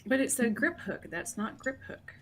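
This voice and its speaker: A woman's voice: on the high side, big pitch swings, normal speed, a bit bright. A woman joining a podcast chat from off mic, asking unsure questions. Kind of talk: casual chat.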